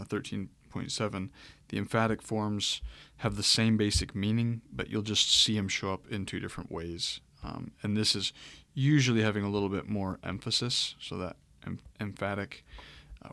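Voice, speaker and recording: A man teaching Greek grammar in a relaxed, explanatory way as he walks through a screen-share lecture, with frequent fillers. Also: on the low side, moderate pace, creaky, hardly any pauses, no room sound.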